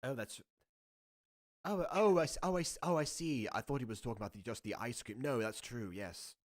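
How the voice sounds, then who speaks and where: A man playing a pompous, old-fashioned gentleman who speaks stiffly and stammers politely. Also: medium pitch, pitched below the performer's own voice, lightly acted. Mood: flustered. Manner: stuffy, halting, stammering formality.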